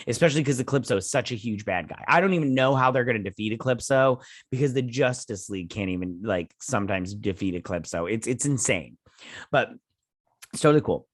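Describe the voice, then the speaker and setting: A man hosting a show, chatting casually as he recaps and reviews a TV episode and slips into quick voices for the characters. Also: medium pitch, lively intonation, no room sound, clean studio sound. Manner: retells scenes with quick offhand impressions; chatty with frequent fillers. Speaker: show host.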